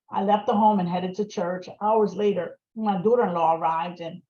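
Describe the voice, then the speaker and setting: A middle-aged woman speaking as a guest on a video call, giving a personal testimony in an emotional, earnest way with frequent pauses. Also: mid-range voice, fairly even intonation, mellow, roomy sound. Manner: emotional, earnest, pausing often. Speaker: guest speaker, survivor advocate. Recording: muffled lo-fi video-call audio.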